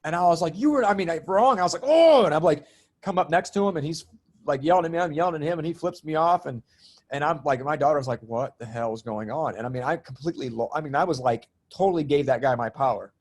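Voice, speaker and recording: A man's voice: a little high, quick pace. A middle-aged man guesting on a spiritual podcast, telling a story in casual chat and acting out his own quoted lines, with the odd swear word.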